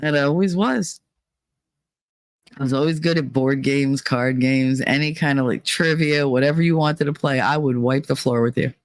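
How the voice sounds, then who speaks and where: A woman's voice: extremely low pitch, moderate pace. Profane storytelling woman. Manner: profane, storytelling, mimics others in quotes. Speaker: livestreamer reading chat. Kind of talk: casual chat. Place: away from home, traveling.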